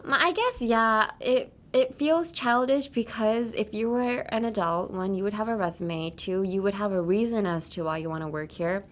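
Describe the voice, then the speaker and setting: A woman's voice: mid-range voice, moderate pace, few pauses. A woman hosting a casual language-lesson podcast. She explains phrases in a loose, chatty way, full of "like" and "um", and switches between English and Japanese. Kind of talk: casual teaching chat.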